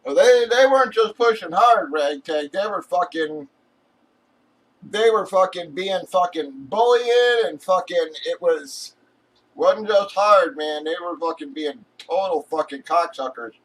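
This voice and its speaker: A man's voice: sits high, a little slow. A man streaming, ranting angrily to his chat, swearing constantly and rambling with lots of fillers. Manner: angry, profane, rambling with many fillers. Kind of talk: casual rant to stream chat. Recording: voice from far off the mic.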